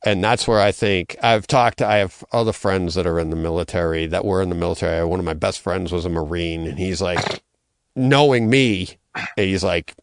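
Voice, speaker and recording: A middle-aged man with a low, gravelly voice tells a story from his life. He talks casually, with plenty of "um"s and restarts, and the sound is dry and close. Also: normal speed, no echo. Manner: conversational, with many fillers and restarts. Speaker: interview guest.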